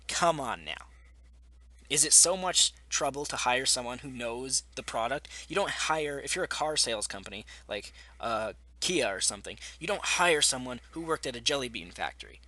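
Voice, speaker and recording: Brief: Canadian guy vlogger, sharp forceful tone, dry close sound, venting profanely with sarcastic jabs. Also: mid-range voice, dry recording. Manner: exasperated, profane, rapid-fire complaining with sarcastic asides. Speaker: gaming vlogger. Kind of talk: ranting vlog monologue.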